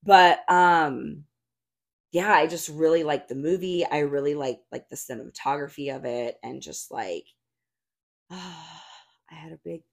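A chatty woman in her thirties with a lowish voice tells a story on a podcast. Her talk is loose and full of "like" and "um" fillers, and her retellings of what people said come out lively. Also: a little slow, vocal fry. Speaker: podcast guest, retired roller derby skater. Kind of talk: casual storytelling chat.

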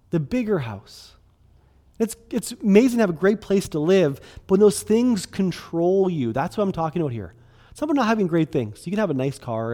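A middle-aged man preaching a sermon in a loose, conversational way, full of "like" and quick restarts. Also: sits high, mellow. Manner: conversational, filler-heavy, restarts, quick bursts. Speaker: pastor.

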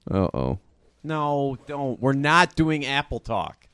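Lively, cursing podcast co-host man. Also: medium pitch, takes it slowly, clean tone, no echo. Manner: animated, swearing, laughing often. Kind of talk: casual chat.

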